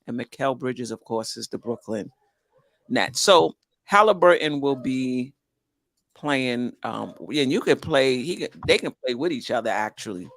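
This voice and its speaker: A man's voice: mid-range voice, lively intonation, unhurried, creaky, a bit bright, no room sound. A man with a mid-range voice talks plainly and steadily on a sports podcast, reading items off a list. The recording is dry, with no room sound. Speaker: podcast co-host. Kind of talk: casual sports chat.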